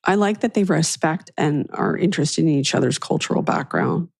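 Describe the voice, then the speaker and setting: A woman's voice: low voice, normal speed, creaky, darkish tone, husky, no echo, studio quality. A woman hosting a podcast, chatting casually about a reality show and planning the episode. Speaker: podcast host. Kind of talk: casual chat.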